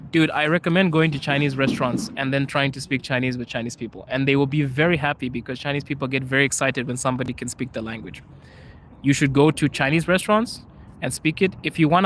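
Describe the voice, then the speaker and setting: A man's voice: medium pitch, steady tone, fast talker, a bit bright, slight background noise. A young man from Zimbabwe hosting a live chat, answering viewers casually, laughing often and switching languages. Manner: laughs often, switches between English, Chinese and Russian. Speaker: podcast host.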